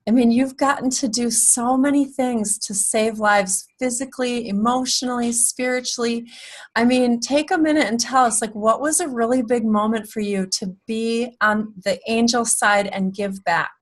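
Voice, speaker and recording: A woman's voice: on the high side, fairly even intonation, normal speed. A woman hosting a talk show, interviewing a guest and praising her effusively.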